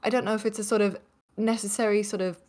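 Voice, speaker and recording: A young woman from northeast England with a softened British accent, telling a rambling story as a podcast guest over a video call, with lots of fillers. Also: medium pitch, level tone, fast talker. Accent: softened British English. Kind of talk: casual chat.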